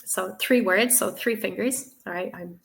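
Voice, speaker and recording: A woman's voice: mid-range voice, measured pace, vocal fry. A woman teacher answering questions in a live webinar, chatty and encouraging, with many ums and okays, on a webcam. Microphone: webcam on video call.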